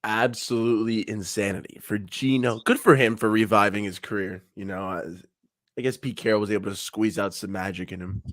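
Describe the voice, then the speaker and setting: A man's voice: fairly low pitch, fairly even intonation, brisk, fairly bright tone, dry recording, clean studio sound. A man co-hosting a casual sports podcast in an easygoing, chatty way. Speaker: podcast co-host.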